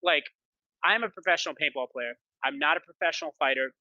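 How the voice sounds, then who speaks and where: A man, a pro paintball player, chatting as a guest in an interview, telling boastful stories quickly and excitedly, with lots of "like". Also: fairly high pitch, no room sound, dull audio. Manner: rapid, excited storytelling with many "like"s; boastful, trash-talking attitude. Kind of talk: animated interview chat.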